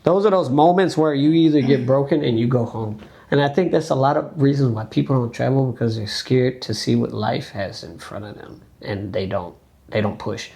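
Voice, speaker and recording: A young American man speaks as a dancer guest in a podcast conversation, his voice gravelly with a mid-range pitch. He tells his story in a loose, animated way and acts out other people's lines. He leans on frequent fillers. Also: moderate pace. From United States.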